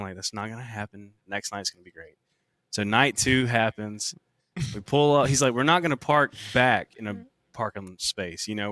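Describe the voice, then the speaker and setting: A young man on a podcast telling a story in a casual, animated and profane way, acting out what people said. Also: on the low side, dry recording. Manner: animated, profane, acts out quotes. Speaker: podcast co-host.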